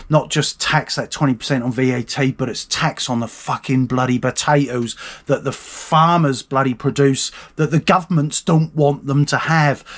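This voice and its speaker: A man hosting a live stream, rambling and swearing indignantly about politics. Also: fairly high pitch. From United Kingdom. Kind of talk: casual ranting commentary.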